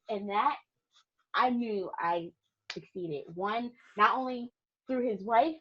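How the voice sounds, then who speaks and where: Husky-voiced woman, animated storyteller. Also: a little high, takes it slowly, long pauses, lo-fi sound. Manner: animated storyteller, laughs often, emphatic. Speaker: boudoir photographer, podcast guest. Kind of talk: casual interview chat.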